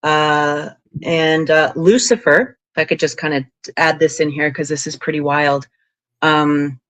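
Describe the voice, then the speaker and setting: A woman guest on an interview podcast, telling long spiritual stories in a rambling, animated way, full of "like" and "you know". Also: deep voice. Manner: rambling, animated, frequent 'like' and 'you know'. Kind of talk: casual interview storytelling.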